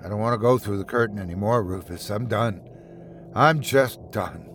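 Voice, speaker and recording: A man voicing a remorseful, worn-out man chained to a companion, speaking low and subdued. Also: moderate pace, a little hiss or hum, close to an everyday voice. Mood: resigned.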